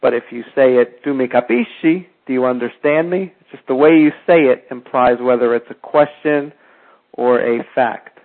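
A man's voice: mid-range voice, steady tone. Man teaching over tinny phone-like audio. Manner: repeats example phrases slowly, with small self-corrections. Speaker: language teacher. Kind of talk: casual spoken lesson.

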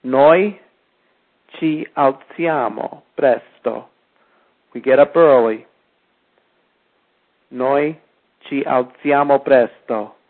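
A man teaching a spoken language lesson, repeating each example phrase slowly and now and then correcting himself. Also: mid-range voice. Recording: tinny phone-like audio.

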